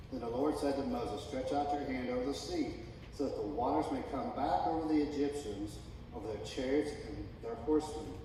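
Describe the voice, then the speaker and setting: A man's voice: medium pitch, a little hiss or hum. A middle-aged man preaching a sermon as pastor, reading scripture and talking with humor. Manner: reads scripture, then preaches with rising excitement and humor. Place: church sanctuary. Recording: echoey church hall from far off.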